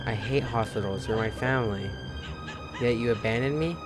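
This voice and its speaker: A man's voice: mid-range voice, normal speed, music in the background, natural voice. A man voicing a confused elderly mother who accuses her son of abandoning her, reading her lines in a wounded, raised voice. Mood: hurt.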